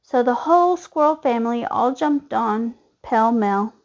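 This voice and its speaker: A woman reading a children's storybook aloud in a lively, expressive way. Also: fairly high pitch, measured pace. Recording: dull lo-fi recording.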